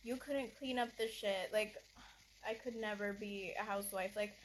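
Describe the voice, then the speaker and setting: A woman's voice: mid-range voice, fairly even intonation, normal speed, a little hiss or hum, poor audio. A young woman ranting bluntly and with lots of swearing in a casual talk show monologue. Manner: blunt, profane, exasperated. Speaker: podcast host.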